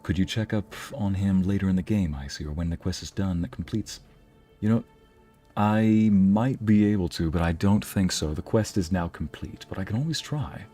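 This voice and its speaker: Joking low-voiced gaming host. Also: male voice, normal speed, warm tone, soft background music. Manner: joking, chatty, talks to chat. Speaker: let's play host. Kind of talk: casual gameplay commentary.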